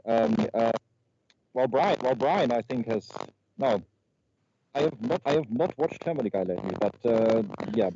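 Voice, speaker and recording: A man improvising a comedy slide presentation over a video call, stumbling and repeating his words as he goes. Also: medium pitch. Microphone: video call microphone. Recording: muffled lo-fi call audio with faint noise.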